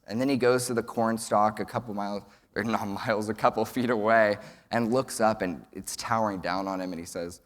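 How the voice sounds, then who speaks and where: At a summit in a large event hall, a young Texan student delivers an earnest prepared speech and works in a folksy joke. His fairly low voice moves at a quick pace with fairly even intonation, and the hall adds long reverb.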